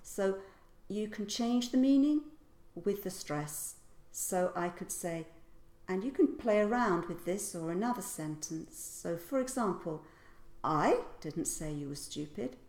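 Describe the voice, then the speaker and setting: A woman's voice: medium pitch, expressive, measured pace, a little mellow, roomy sound. A woman teaching public speaking in a casual lesson, playfully acting out example lines with exaggerated stress. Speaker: voice and speaking coach.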